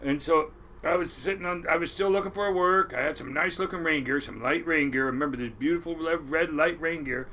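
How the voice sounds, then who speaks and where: Older man, sixties, fisherman telling stories, lively and profane, bright edge, slightly high voice. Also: fairly quick, slight background noise. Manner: animated storyteller, swears, acts out quotes. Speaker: crab boat captain, podcast guest. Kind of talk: storytelling interview.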